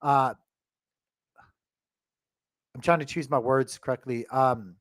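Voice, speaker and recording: A man's voice: medium pitch, steady tone, slow, dry recording, studio quality. A man hosting a crypto channel, talking casually to his viewers with many restarts and fillers, choked up with emotion.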